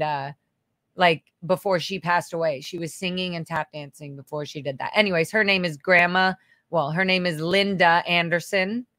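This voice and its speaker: A woman hosts a casual livestream Q&A in a slightly low voice, reading out viewer comments and answering in a loose, chatty way. Her talk is casual and sprinkled with swearing. The sound is dry and close, with no room echo. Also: sharp tone. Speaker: livestream host.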